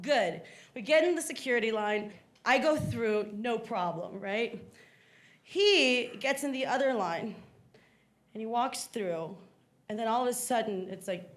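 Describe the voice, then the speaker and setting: Her voice on the high side and her pace a touch slow, a stand-up comic from South Texas performs stories for a live audience, lively and voicing every character. Faint noise and crowd laughter come through from the club.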